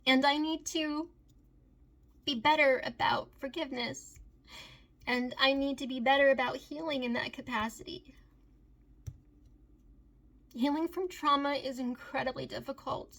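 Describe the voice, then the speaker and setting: High-voiced woman in an earnest confessional monologue. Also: steady tone, measured pace, pauses often, a bit bright. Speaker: recovery advocate. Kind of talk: emotional personal monologue.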